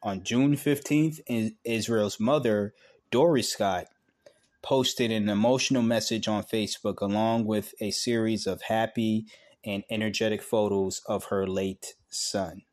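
A man reading a news article aloud in a slow, halting way, breaking off for blunt, profane asides. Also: on the low side, fairly even intonation, darkish tone. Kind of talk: casual commentary reading aloud.

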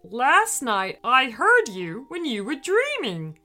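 A woman's voice: high-pitched, wildly swooping pitch, takes it slowly, bright, forceful tone, faint music behind, exaggerated voice. A woman voicing a cheerful, singing old magical car in a children's story, bouncy and sing-song.

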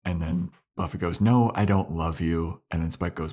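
A man's voice: low-pitched, fairly even intonation, moderate pace, hardly any pauses, a little mellow. A man co-hosting a podcast, casually retelling scenes and acting out the characters' lines. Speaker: podcast co-host. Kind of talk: casual recap chat.

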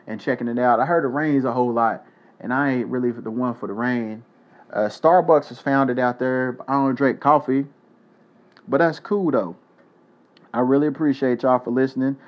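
Young male podcast host, loose and profane delivery, medium pitch, muffled home recording. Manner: loose, joking, profane shout-outs. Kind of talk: casual solo podcast.

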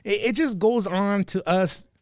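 A fired-up man talks through a story in casual podcast chat, cursing freely. His voice sits a little high for a man. The dry, close mic keeps the room quiet. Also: measured pace, dry recording. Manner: passionate, swearing, tells stories. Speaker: podcast guest.

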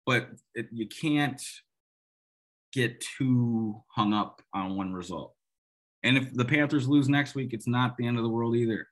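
A man's voice: medium pitch, measured pace. A man hosting a solo football podcast, talking in a rambling, emphatic, opinionated way with sarcastic asides. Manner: rambling, emphatic, restarts a lot. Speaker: sports podcast host. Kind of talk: casual solo football analysis.

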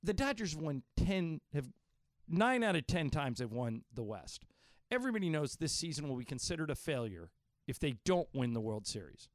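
A man's voice: fairly high pitch, big pitch swings, moderate pace, no room sound, studio quality. A man hosting a sports talk radio show, pressing his co-hosts with pointed questions. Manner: argumentative, probing questions. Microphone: studio microphone.

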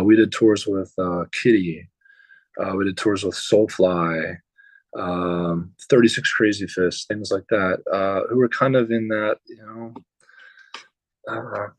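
Low-voiced man telling tour stories. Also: no room sound, low-quality recording. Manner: rambling, swears often, many fillers. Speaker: musician guest. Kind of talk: casual storytelling.

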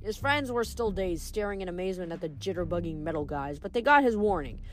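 A woman reading chapters of a novel aloud in steady storytelling narration. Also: fairly low pitch, quick pace, faint music behind. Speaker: reader.

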